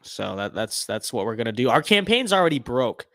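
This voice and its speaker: A man's voice: medium pitch, big pitch swings, a little fast, bright, forceful tone, dry recording, studio quality. A young man streaming a game, giving casual rambling commentary with tongue-in-cheek bragging.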